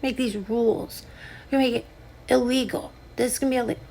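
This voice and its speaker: Sarcastic high-pitched woman ranting. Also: steady tone, quick pace, a little mellow. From United States. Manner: sarcastic, combative, talks straight at the listener. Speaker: podcast host and comedian. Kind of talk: ranting comedic monologue.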